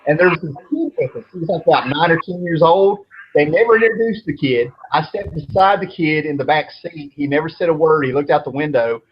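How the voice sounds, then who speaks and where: Fairly high-pitched and fairly quick, a male host in his thirties rambles through laid-back anecdotes, swearing without restraint. The sound is muffled lo-fi with a bit of background noise.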